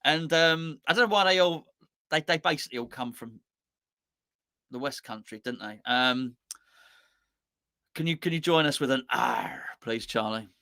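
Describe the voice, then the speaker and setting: A man's voice: on the high side, moderate pace, long pauses, pushed and bright, no echo, clean studio sound. A man with a sore throat, hosting a football fan channel in casual, rambling live chat that mocks itself with many restarts. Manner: rambling, jokey and self-mocking, with many restarts.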